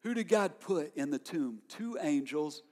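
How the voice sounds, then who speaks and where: A man preaching a sermon as pastor, emphatic, swinging from loud declarations to quiet reflection and asking his listeners questions. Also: on the high side, expressive, measured pace. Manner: asks the listeners rhetorical questions. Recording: long reverb of a large hall.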